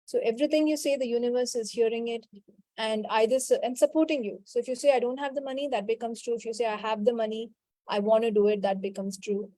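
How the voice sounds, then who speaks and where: A woman leads a spiritual coaching call, answering participants and repeating a quick clearing chant. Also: fairly high pitch, fairly even intonation, no room sound. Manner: answers participants' questions directly, scolding gently. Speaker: healing call facilitator.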